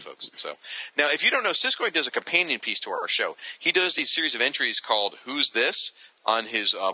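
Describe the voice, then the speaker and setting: A man's voice: mid-range voice, bright, forceful tone, no echo, rough recording. A man co-hosting a casual podcast, reading listener letters aloud and chuckling at them.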